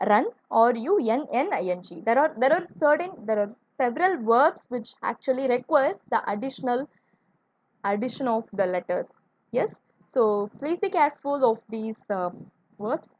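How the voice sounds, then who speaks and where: A woman's voice: on the high side, no echo, dull audio. A woman teaching an online English grammar lesson, spelling words out letter by letter and asking viewers to answer.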